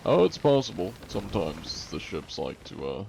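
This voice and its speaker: A streamer with a fairly low, warm and mellow voice banters with his crew and chat. He slips in and out of a playful judge act, teasing and mock-formal, with a faint hum of noise under his voice. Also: sing-song, moderate pace, gravelly, low-quality recording. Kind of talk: live-stream banter, role-playing a judge.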